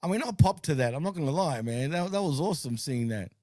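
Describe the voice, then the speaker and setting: Man, fairly high voice, laid-back, swears a lot, says man and bro, casual stream chat. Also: animated, fast talker, dark tone, no room sound, studio quality. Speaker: host. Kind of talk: casual chat on a wrestling watch-along stream.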